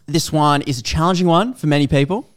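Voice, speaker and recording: A man co-hosting a podcast in casual chat, animated and slipping into voices for quotes. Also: on the high side, quick pace. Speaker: podcast co-host.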